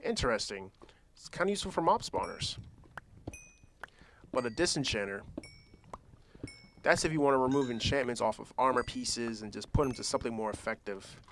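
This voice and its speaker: A man talks through his gameplay in a loose, rambling way, thinking aloud and stopping to restart his sentences. His voice sits at an ordinary middle pitch. Faint keyboard clicks and typing tick along behind him. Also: expressive, a little fast, pauses often, fairly bright tone, slight background noise. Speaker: gaming channel host.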